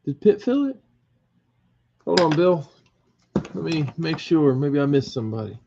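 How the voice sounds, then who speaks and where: A man with a slightly high, creaky voice, very animated and a little slow, hosts a team draw in a casual live break, counting aloud, reading off names and teams, and chuckling at his own slips. The recording is muffled and lo-fi with faint noise.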